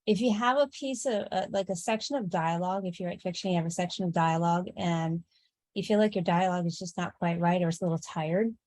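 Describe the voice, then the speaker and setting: A woman's voice: lowish voice, quick pace, darkish tone, dry recording. A woman co-hosting an online writing chat, casually explaining an exercise with lots of "um" and "like". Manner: encouraging, explains with fillers. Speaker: co-host. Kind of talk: casual workshop talk.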